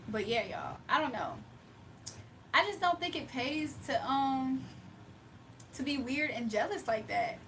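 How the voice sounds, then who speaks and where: A woman with a high voice holds a loose, animated livestream chat. She talks in slang, drawls her words, mocks people and often breaks into laughter. Faint noise sits behind her. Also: a little slow, long pauses, distant mic.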